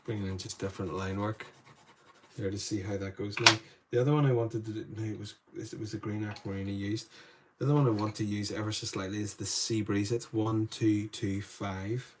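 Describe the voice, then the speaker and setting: A man with a fairly low voice runs a live painting demo from an indoor studio. He talks through each step quietly, as if thinking aloud. His voice lifts when he greets viewers and answers their questions. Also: steady tone, brisk, slight background noise. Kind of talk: live-stream demo, talking to chat.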